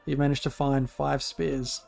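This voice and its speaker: Measured Australian game master. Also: male voice, medium pitch, level tone, creaky, a little mellow, soft background music. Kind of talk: narrating a tabletop game.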